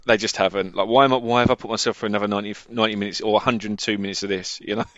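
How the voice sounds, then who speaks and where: Male co-host, West Country accent, animated rambling delivery, dry lo-fi recording. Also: on the low side, racing, no room sound. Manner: rambling, self-deprecating, restarts often. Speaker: podcast co-host. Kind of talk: casual chat. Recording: dull, dry, lo-fi sound.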